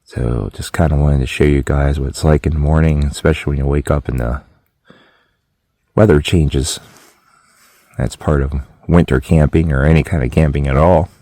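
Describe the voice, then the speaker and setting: A man talking to the camera in a relaxed, plainspoken morning camp vlog at a snowy mountain campsite. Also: extremely low pitch, normal speed, no echo, clean studio sound. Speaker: vlogger.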